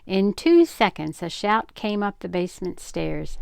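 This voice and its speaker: Gravelly older woman reading a story. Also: medium pitch, no room sound, clean studio sound. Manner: calm, measured narration. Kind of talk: reading a children's book aloud.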